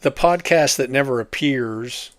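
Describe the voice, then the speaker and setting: A man's voice: mid-range voice, slow pace, fairly bright tone, no echo. An older man co-hosts a casual podcast chat with a wry, teasing way of talking. His voice sits mid-range and is recorded dry and close. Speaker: podcast co-host.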